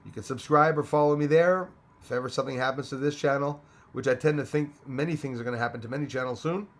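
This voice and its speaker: A man's voice: medium pitch, quick pace. A man from Canada hosting a casual livestream, chatty, thanking viewers by name and laughing often. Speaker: livestream host.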